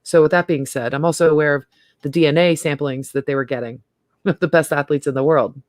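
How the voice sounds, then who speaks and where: A woman's voice: low-pitched, steady tone, fairly quick, dry recording, studio quality. A middle-aged woman hosting a casual livestream chat, talking freely and laughing often. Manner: chatty, laughs often, trails off and restarts. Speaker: host.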